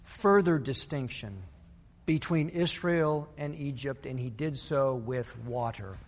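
A man's voice: medium pitch, slow pace, long reverb tail. A male pastor preaching a sermon, telling a Bible story and acting out the people's voices. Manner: storytelling, acts out biblical voices.

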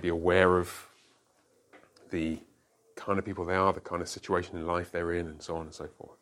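A man's voice: low voice, level tone, fairly quick, fairly bright tone. A middle-aged man, a pastor, teaching a church class in a conversational way and often checking that listeners follow.

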